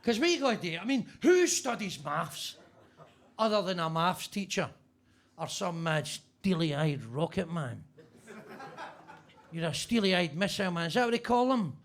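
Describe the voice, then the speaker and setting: High-voiced brash comic. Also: male voice, animated, measured pace, creaky, long pauses. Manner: brash, swearing, teasing the audience. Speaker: stand-up comedian. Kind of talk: stand-up crowd work. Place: basement comedy club.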